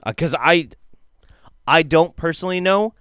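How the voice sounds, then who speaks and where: A man's voice: on the high side, normal speed, a bit bright, clean tone, dry recording, studio quality. A man doing casual, profane, sarcastic live-stream commentary while reacting to a video.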